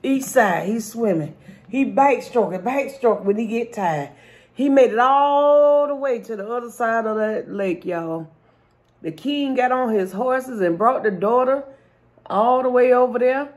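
A half-asleep woman vlogger tells a long joke between bites in a somewhat high voice. She narrates animatedly and keeps breaking into laughter. She records on a camera mic indoors at home. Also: measured pace. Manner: animated storyteller, laughs often. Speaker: mukbang vlogger and comedian. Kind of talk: joke-telling while eating.

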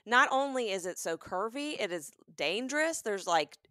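A woman's voice: fairly high pitch, lively intonation, moderate pace, a bit bright, no echo, studio quality. A woman with a Southern accent, co-hosting a podcast and chiming in emphatically. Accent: Southern American. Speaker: podcast co-host. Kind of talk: casual chat.

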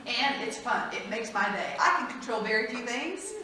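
A woman, a former hospice chaplain, telling stories in a lively, frank conference talk and acting out the voices of the people she quotes. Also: a little high, normal speed. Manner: lively, frank, laughs often, acts out quotes. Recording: echoey hall, mic at a distance.

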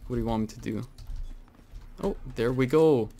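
A man giving casual, rambling commentary over his own gameplay, full of fillers and sudden excited outbursts. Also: mid-range voice, unhurried. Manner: chatty, rambling with many fillers, bursts into excited exclaims. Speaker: gaming channel host.

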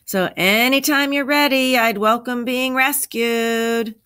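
A woman reading a story aloud and voicing a loud, good-humored man who complains with drawn-out words. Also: a little high, fairly even intonation, pitched above the performer's own voice. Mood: complaining.

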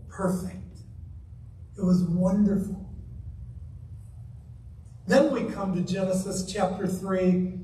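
A man's voice: high-pitched, darkish tone. A man preaching a sermon as guest minister, emphatic and full of rhetorical questions put to the congregation. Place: church sanctuary. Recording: echoey church hall from far off.

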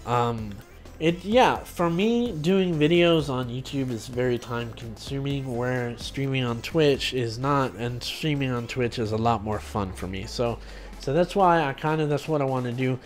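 A man's voice: mid-range voice, a little slow. A man streaming and making game videos, talking in a rambling, loose way with many fillers and restarts. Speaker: gaming YouTuber and streamer. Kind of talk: casual vlog talk to camera.

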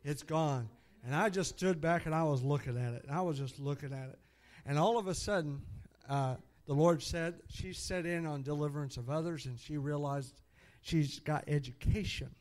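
A man's voice: fairly high pitch, moderate pace, hardly any pauses. A middle-aged man preaching, telling stories with frequent hallelujahs and laughter. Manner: animated, exclaims hallelujah often, laughs at own stories. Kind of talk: sermon storytelling.

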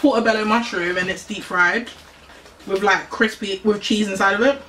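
A young woman hosting a casual mukbang chat at home, giggly and quick to laugh. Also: medium pitch, fairly even intonation, a bit bright. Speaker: YouTube host. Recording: distant camera mic, faint room noise.

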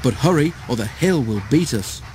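A man voicing a calm, capable male engine driver giving firm instructions in a storybook reading. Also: medium pitch, moderate pace, slight background noise, natural voice.

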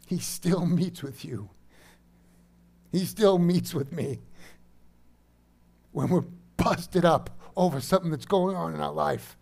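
A pastor in his thirties preaching a sermon, dropping to a soft, low voice and rising to loud, emphatic bursts. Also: slow, gravelly, pauses often.

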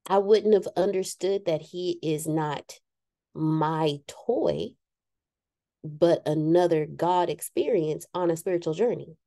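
Frank, warm-voiced woman speaker. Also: lowish voice, slow pace, no room sound, clean studio sound. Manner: frank and self-deprecating, acts out quoted voices. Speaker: speaker addressing a live group. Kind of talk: candid motivational talk.

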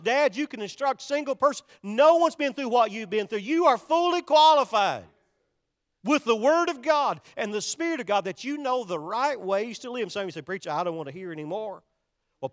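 A man preaching in a large church, his notably high voice trailing a long reverb through the sanctuary. He drives his points home with emphatic repetition and direct appeals to the congregation. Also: a bit bright. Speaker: pastor. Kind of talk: sermon.

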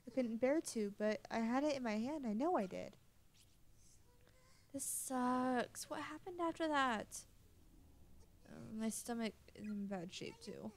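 A woman's voice: on the high side, animated, a little slow, long pauses. A woman reading as a frightened lost schoolgirl. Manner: anxious, talking herself through panic.

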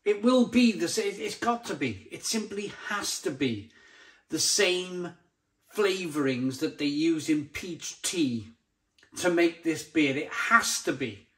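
A man's voice: a little high, slow, fairly bright tone. Exasperated man reviewing beer. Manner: blunt, exasperated, stumbles and repeats himself. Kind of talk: casual beer review to camera. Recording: roomy echoey sound.

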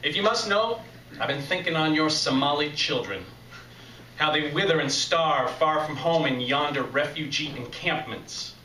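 A man's voice: on the high side, moderate pace, sharp tone, roomy sound, distant mic, slight background noise, rough recording. A man voicing a sly, scheming male devil with a folksy drawl, in a told story.

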